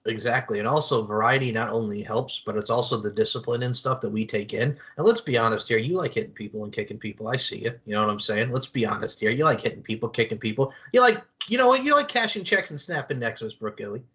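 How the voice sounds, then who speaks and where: A man hosting a casual podcast chat, rattling along at a quick clip. His talk is slangy and excitable, full of little fillers and asides. His voice sits at a middling pitch. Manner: slangy and excitable, peppered with "man" and "you know what I'm saying". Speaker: podcast host.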